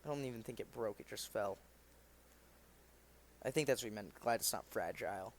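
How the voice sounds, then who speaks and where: A man's voice: lowish voice, a little fast, pauses often. A man hosting a comic reading, tossing in casual, joking, profane asides. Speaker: channel host reading a comic. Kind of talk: casual commentary between reading.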